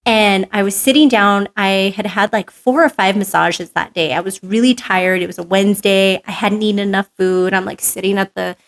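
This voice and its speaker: Guest spot: New woman, animated anecdote teller, lots of "like", mid-pitched voice. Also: moderate pace, few pauses. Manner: animated storyteller, filler-heavy "like", acts out quotes. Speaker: podcast guest. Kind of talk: casual interview chat.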